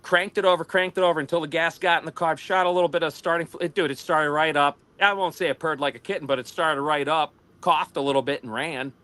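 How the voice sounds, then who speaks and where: Animated storytelling man with American accent. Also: a little high, fast, few pauses. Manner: animated, laughs often, rambling asides. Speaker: livestream co-host. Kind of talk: casual storytelling chat.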